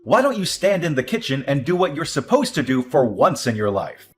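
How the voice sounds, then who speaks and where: A man playing a lively, entitled young husband. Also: a little high, fairly quick, soft background music. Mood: scornful. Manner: dismissive, swings to excited outbursts. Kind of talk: audio drama acting.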